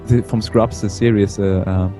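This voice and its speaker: A young man from Germany with a German accent, a guest in a casual interview, talking haltingly and laughing often. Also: fairly low pitch, fairly even intonation, warm tone, faint music behind. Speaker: interview guest, esports caster.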